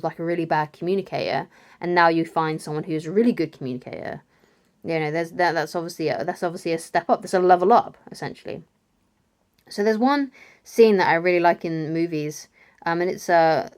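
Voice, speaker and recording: A woman's voice: fairly low pitch, a little mellow. A woman giving casual relationship advice to camera, chatty, often asking "right?" and laughing lightly. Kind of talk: casual advice video talk.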